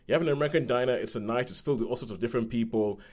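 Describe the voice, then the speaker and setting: Man, podcast film reviewer, casual rambling chat, animated retelling, mid-pitched voice. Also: rapid-fire.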